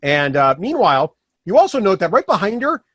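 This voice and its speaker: Chatty game master, fairly high voice. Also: male voice, sing-song, brisk, a bit bright, breathy edge, no room sound. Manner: rambling, many fillers and restarts. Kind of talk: running a tabletop game.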